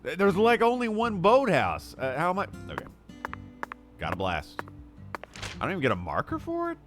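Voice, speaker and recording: A man's voice: sits high, huge pitch swings, normal speed, over music. A young man live-streaming a game, sleepy and yawning, rambling casually to his chat with many fillers.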